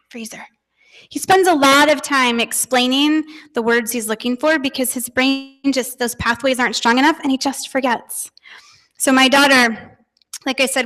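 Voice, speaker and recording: A middle-aged woman speaking at a conference, with a fairly high voice. She tells family anecdotes in a chatty, animated way and laughs often between stories. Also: long reverb tail. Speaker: parent giving a conference talk. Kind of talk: conference talk told through family anecdotes.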